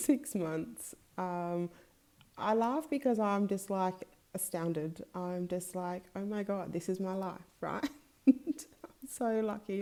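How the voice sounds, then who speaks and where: A woman hosting her own podcast as a spiritual coach, talking in a heartfelt, confiding way and pausing often on filler sounds. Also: medium pitch, warm tone. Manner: hesitant, with frequent filler sounds. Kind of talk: casual personal podcast monologue.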